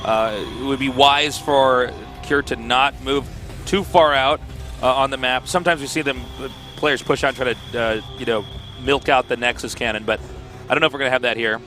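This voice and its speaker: A man's voice: mid-range voice, steady tone, brisk, pushed and bright, soft background music. An American man casting a live esports match, mixing chatty jokes with play-by-play analysis. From United States. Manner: chatty, jokey banter between analysis. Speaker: esports caster.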